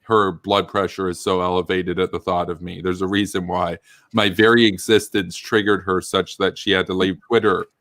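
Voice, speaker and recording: Ranting man with a bright, dry voice. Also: low-pitched, flat delivery, normal speed, no echo. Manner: heated, ranting, swears freely. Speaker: political commentary host. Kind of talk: casual political commentary chat.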